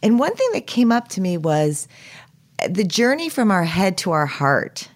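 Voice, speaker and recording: A woman's voice: medium pitch, very animated, normal speed. Woman podcast host, attentive and encouraging, asking reflective questions. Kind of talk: interview questions.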